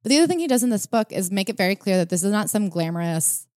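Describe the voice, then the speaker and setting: A woman's voice: medium pitch, expressive, racing, a little mellow, no echo, clean studio sound. A woman co-hosting a casual podcast chat about a book, retelling stories and reading out quotes with energy. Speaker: podcast co-host.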